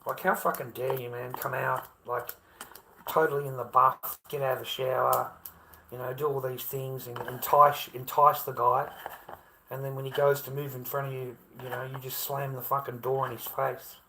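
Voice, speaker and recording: A man's voice: medium pitch, little pitch movement, moderate pace, sharp tone, a little hiss or hum, poor audio. A middle-aged Australian man ranting casually to camera, rambling and heavy with profanity. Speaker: vlogger.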